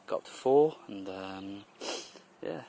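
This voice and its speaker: A young man vlogging a cycling trip from a mountain road chats casually, rambling and chuckling. His lowish voice is gravelly and mellow but animated, and he takes it slowly. The recording is low quality.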